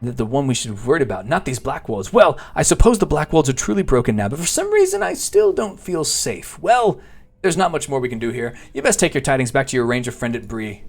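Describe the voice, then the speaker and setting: A man's voice: mid-range voice, big pitch swings, fairly quick, a little mellow, breathy edge, pitched above the performer's own voice. A man voicing a fussy, earnest small male village constable in a raised, chirpy voice for a video game.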